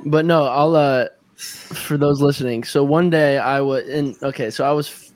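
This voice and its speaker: A young man in his twenties, a guest musician on a podcast, telling an anecdote in a casual, animated way and acting out his own reactions. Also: medium pitch, moderate pace, no echo. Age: 20s. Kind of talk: casual chat, storytelling.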